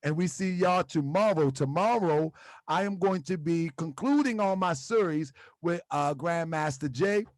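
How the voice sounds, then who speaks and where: High-voiced male livestream host. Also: no room sound. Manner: relaxed and rambling, many "um" and "uh" pauses, laughs easily. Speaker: host of an online talk show. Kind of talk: casual livestream chat.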